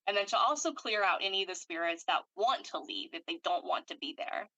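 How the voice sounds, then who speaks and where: A woman energy worker calmly guiding a clearing session over a video call, giving steady instructions and reciting long lists of commands. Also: on the low side, a little fast, dry recording, lo-fi sound.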